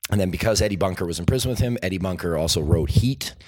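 A man on a podcast telling animated stories and acting out the voices of the people in them. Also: low voice, fast, slightly rough. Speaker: documentary filmmaker guest. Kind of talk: podcast interview storytelling.

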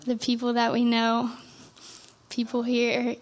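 A young woman telling an emotional church testimony, earnest and halting, with frequent restarts. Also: a little high, completely flat delivery. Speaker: testimony speaker.

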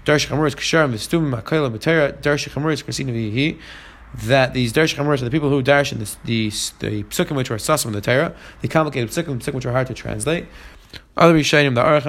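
A man's voice: medium pitch, quick pace. A man teaching a Talmud class, translating phrase by phrase as he goes. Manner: translating each phrase and mixing in Hebrew and Aramaic terms.

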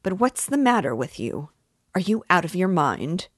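A man's voice: sits high, very animated, moderate pace, fairly bright tone, dry recording, studio quality, pitched above the performer's own voice, heavily acted. A woman reading aloud as a pompous man who stammers, squeals and answers impudently when accused. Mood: defensive, sneering. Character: pompous, cornered middle-aged man, sneering.

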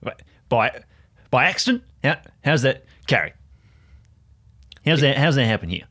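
A man's voice: medium pitch, sing-song, normal speed, pushed and bright. A man voicing a chatty older father who rambles, grumbles and stumbles over his words.

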